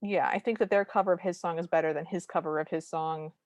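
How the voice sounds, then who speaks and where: A woman with a lowish voice talks through a movie's plot in casual podcast chat, dropping dry asides as she goes. The sound is dry and close, with no room to it. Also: steady tone, fast talker, a little mellow, dry recording. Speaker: podcast co-host.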